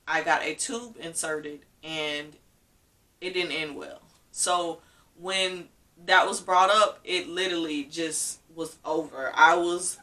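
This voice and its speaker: A woman vlogger shares a personal story with candor and emotion close to the surface, acting out the things people said to her. Her voice is low yet bright and forward, and she sits a little back from the mic, so it sounds recorded from a distance.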